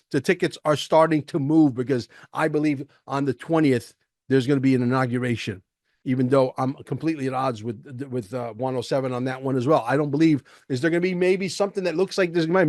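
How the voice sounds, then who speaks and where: A man's voice: sits high, no room sound, studio quality. A man hosting a podcast, ranting emphatically with rhetorical questions and profanity as he comments on a clip. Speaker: podcast host.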